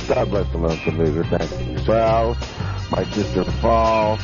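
Low-voiced rambling radio host. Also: male voice. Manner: rambling, jokey, drawn-out. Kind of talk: comedy radio show outro. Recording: dull lo-fi internet radio with music.

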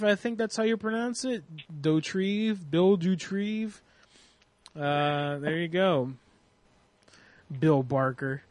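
A man's voice: a little high, slow, no echo. A man hosting a prank call livestream in casual, rambling chat, cursing freely and reading out viewer suggestions. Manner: rambling, profane, reads chat suggestions aloud. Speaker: prank call show host.

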